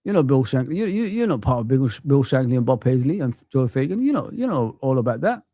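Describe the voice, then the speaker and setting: With big swings in a medium-pitched, warm voice, a man aged thirty to forty-nine rants at a quick pace during a live football stream. He curses and repeatedly says "man," and the recording is dry and studio quality.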